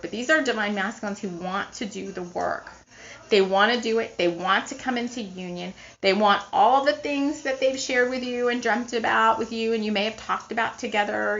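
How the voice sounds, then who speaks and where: A woman's voice: medium pitch, fairly bright tone, lo-fi sound. A woman, a spiritual teacher, talking earnestly and rambling a little with many fillers on her podcast.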